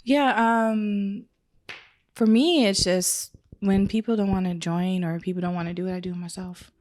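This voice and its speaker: A woman's voice: lowish voice, fairly even intonation, normal speed, a little mellow. Chatty emotional woman in interview. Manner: chatty and emotional, acts out quoted voices. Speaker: wedding photographer, guest. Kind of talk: casual interview conversation. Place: her photography studio.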